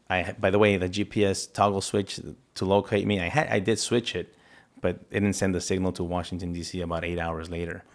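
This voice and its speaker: A man giving an interview, earnestly retelling a frightening event with halting restarts and quoted dialogue. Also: sits low. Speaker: interview guest, federal agent. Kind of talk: personal account in an interview.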